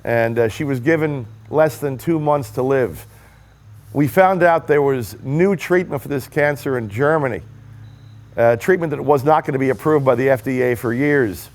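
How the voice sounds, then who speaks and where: In a slightly mellow voice of medium pitch and normal speed, a man tells the camera his personal story with earnest emphasis. He's there as a political rally supporter offering his testimonial.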